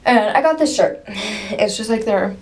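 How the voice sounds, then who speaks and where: A young woman chats to her camera in a gushing, rambling way. She piles on fillers and keeps circling back to how excited she was. Her voice sits at an ordinary middle pitch. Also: unhurried. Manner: gushing, rambling, many likes and literallys. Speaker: vlogger. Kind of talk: casual chat to camera.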